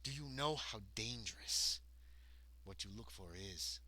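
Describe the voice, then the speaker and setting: A man voicing a stern male captor who questions a prisoner slowly, in a clumsy put-on accent that drifts toward Russian. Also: lowish voice, lively intonation, pushed and bright, dry recording, pitched below the performer's own voice, exaggerated voice. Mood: menacing.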